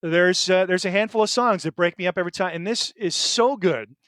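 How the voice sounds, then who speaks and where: High-voiced earnest middle-aged man. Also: brisk, fairly bright tone, no room sound, clean studio sound. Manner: earnest, emotional, hesitant with many fillers and restarts. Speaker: podcast co-host. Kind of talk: casual chat.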